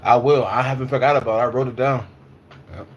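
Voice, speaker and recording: A man in his twenties or thirties talks loosely on a livestream, repeating phrases and reacting to chat in slangy everyday speech. His pitch sits in a middling range, and a faint hum runs under the recording. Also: steady tone, quick pace, highs cut off.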